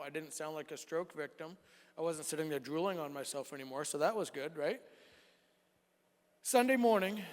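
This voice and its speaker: Male youth speaker, 40s, higher register, animated storyteller, reverberant church hall. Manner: animated storytelling, acts out dialogue. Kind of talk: sermon testimony.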